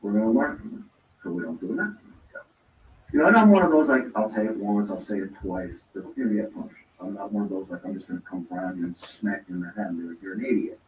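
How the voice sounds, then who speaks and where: Male guest, low register, rambling casual storyteller, echoey room with faint background hiss. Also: animated, quick pace. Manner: rambling, acts out quoted lines of dialogue. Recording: roomy echo, distant from mic.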